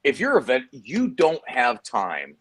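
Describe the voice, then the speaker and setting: A middle-aged man from Texas, a guest on a video-call chat show, telling stories in a hammy, animated way and acting out what others said. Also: mid-range voice, a little slow, husky. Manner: animated storyteller, hammy, acts out quotes. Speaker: guest, PDR trainer. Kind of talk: casual chat.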